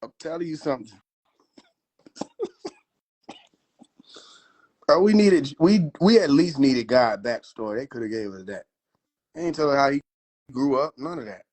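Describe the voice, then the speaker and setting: A man's voice: medium pitch, expressive, a little slow, pauses often, a little mellow. A man riffing in a casual livestream, profane, slangy and laughing often. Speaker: livestream host.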